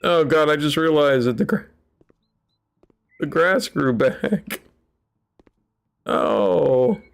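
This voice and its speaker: Gravelly, slow-talking man playing a game. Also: on the high side. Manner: rambling, wry, mock-dramatic sulking. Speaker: gaming channel host. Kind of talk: casual let's-play commentary.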